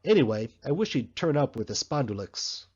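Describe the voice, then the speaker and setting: A man's voice: medium pitch, very animated, brisk, a little mellow, breathy edge. A man doing a weary canvasser. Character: weary young male canvasser. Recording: slightly muffled recording.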